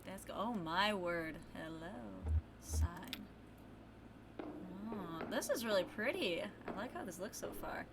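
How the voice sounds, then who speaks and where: A woman streaming a video game in casual chat, playful and excitable, breaking into loud exclamations and reading game text aloud. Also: medium pitch, moderate pace, noisy background.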